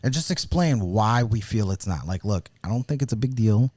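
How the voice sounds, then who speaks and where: A man's voice: lowish voice, expressive, moderate pace, dark tone, dry recording. A man co-hosting a podcast, earnestly giving marriage advice in casual chat and often restarting his phrases. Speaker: podcast co-host.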